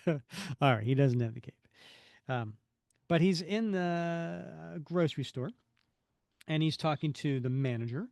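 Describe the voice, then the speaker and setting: A man's voice: on the high side, unhurried, long pauses, no room sound. A man co-hosting a podcast, chatting casually and playfully about comics and acting out scenes as he goes. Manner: animated, playful, acts out scenes. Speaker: podcast co-host.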